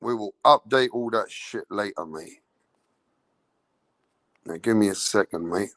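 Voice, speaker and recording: A man's voice: on the low side, measured pace, fairly bright tone, no room sound, clean studio sound. A man from England with an English accent, hosting a boxing channel and ranting angrily on a livestream, swearing constantly and repeating himself. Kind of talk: profane livestream rant.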